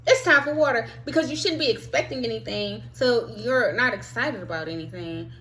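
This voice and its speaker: A woman's voice: fairly high pitch, brisk, a bit bright, a little hiss or hum, rough recording. A woman hosting a spiritual self-help talk, preaching emphatically with frequent swearing and sudden outbursts.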